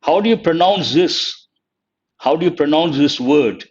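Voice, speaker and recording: A man's voice: on the high side, animated, unhurried, highs cut off. A man, teaching an exam-prep lecture online, quizzing students and spelling words letter by letter. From India. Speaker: English teacher.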